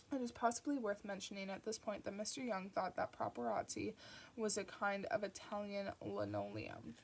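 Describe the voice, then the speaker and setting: A woman reading a novel aloud, with steady narration and small restarts. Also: mid-range voice, brisk, vocal fry, slight background noise. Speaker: audiobook reader.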